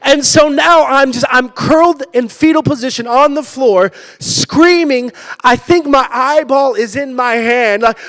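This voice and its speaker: A male pastor giving a sermon, telling a personal story with lively energy and sudden shouted bursts. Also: extremely high pitch, normal speed. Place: church sanctuary. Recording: church hall with long reverb.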